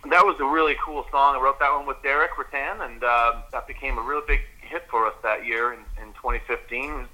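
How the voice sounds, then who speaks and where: A man's voice: medium pitch, brisk, pushed and bright, poor audio. A man, a guest singer, chatting casually and telling stories in an interview. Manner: chatty storytelling.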